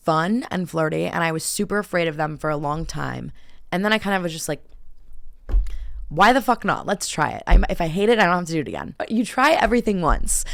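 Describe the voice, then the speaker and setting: A young woman hosting her own show, telling stories in a loose, animated way with constant filler words and frequent swearing. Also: low-pitched, gravelly, dry recording, studio quality. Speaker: podcast host. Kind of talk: casual chat. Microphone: camera and close mic.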